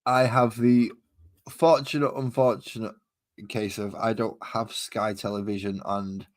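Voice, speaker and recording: Hosting a miniature-painting stream, a man with a lowish, unhurried voice and little pitch movement chats casually as he works. He drops in easygoing, dry asides.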